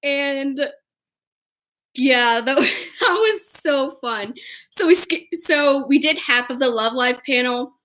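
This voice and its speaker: A woman's voice: high-pitched, slow pace. A young woman casually telling a funny story, giggling and acting out what people said. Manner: animated, giggly, acts out quotes. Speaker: vlogger.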